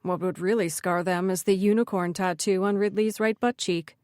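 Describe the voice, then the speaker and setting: A woman's voice: mid-range voice, steady tone, moderate pace, a little mellow, no echo, clean studio sound, close to an everyday voice. A woman voicing a teasing, dismissive young man in an audiobook, a playful older brother. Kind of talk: audiobook character voice.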